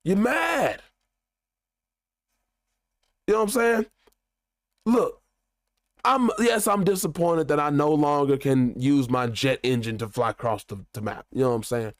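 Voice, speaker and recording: A man with a slightly high-pitched voice hosts his own commentary show. He rants in a heated, animated, profane way. The sound is dry and close, with no room in it. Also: unhurried, pauses often, no room sound. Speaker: show host. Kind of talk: ranting commentary.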